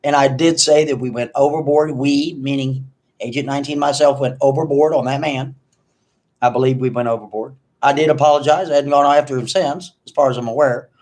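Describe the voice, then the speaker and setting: A middle-aged man ranting in a commentary vlog, animated and mocking. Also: medium pitch, brisk. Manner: animated, mocking, mimics others in exaggerated voices. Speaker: online video commentator.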